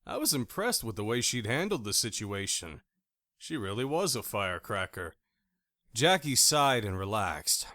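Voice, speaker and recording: A male audiobook narrator reading in the first person, with a low voice and a lively, animated delivery. The recording is close and dry. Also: normal speed, no echo. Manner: expressive, animated character reading.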